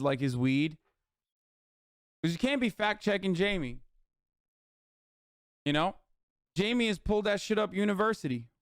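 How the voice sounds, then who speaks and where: A man's voice: on the high side, smooth, dry recording, clean studio sound. A man hosting a livestream in casual chat, ranting, mocking and swearing freely. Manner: reads viewer messages aloud. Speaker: streamer host.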